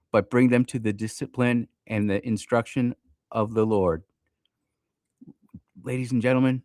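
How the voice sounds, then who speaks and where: A man in his fifties behind a studio microphone, running his radio talk show with a preacher's fervor. His voice sits at an ordinary middle pitch, recorded close and bone dry with no room sound. He leans on his listeners directly and gets riled up as he goes. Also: no echo.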